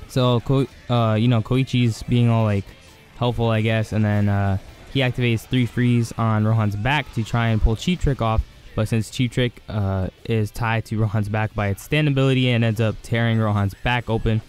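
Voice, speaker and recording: A man's voice: fairly low pitch, steady tone, normal speed, a little mellow, soft background music. A man hosting his own channel, giving a casual, rambling scene-by-scene review of an anime episode.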